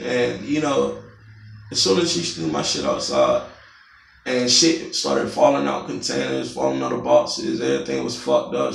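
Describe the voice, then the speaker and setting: A young man vlogging, telling a long, profane story in an animated, casual way. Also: mid-range voice, gravelly. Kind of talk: storytime vlog. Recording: roomy, distant mic.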